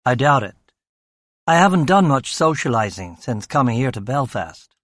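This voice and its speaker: A man's voice: medium pitch, very animated, normal speed, a bit bright, dry recording. A cheerful, evasive American official around forty, smug and boyish, with a Midwestern accent touched by a Southern lilt, as a man reading an audiobook puts him on. Recorded dry and close. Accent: Midwestern American with slight Southern lilt. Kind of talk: audiobook character voice.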